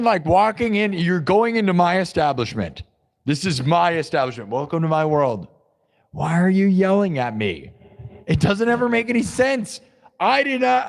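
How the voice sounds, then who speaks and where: A man with a high-pitched, gravelly voice runs an improvised music livestream. He reads viewers' comments out loud and chats with them casually, saying "like" and "dude" constantly.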